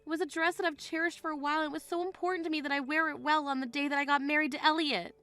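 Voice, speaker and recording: A woman's voice: high-pitched, fairly even intonation, rapid-fire, sharp tone, no room sound. A woman playing a firm, wronged young bride. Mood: upset. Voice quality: firm, indignant. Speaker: voice actor. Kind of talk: text-message drama reading.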